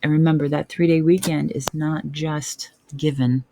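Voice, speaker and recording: Earnest vlogging man, gravelly, mellow, slightly higher pitch, chatty with fillers. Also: flat delivery, normal speed, slight background noise. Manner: conversational, earnest, frequent filler phrases. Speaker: family vlogger. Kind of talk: casual heartfelt vlog address.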